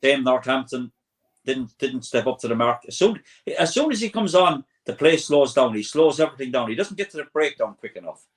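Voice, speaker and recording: A man's voice: medium pitch, lively intonation, fairly quick. Brief: male panelist, blunt, emphatic, plain-spoken. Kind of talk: casual podcast chat.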